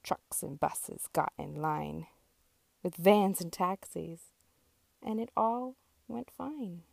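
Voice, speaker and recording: A mother reading a children's picture book aloud, slow and expressive with a sing-song lilt. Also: lowish voice, gravelly, no echo. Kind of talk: storybook read-aloud.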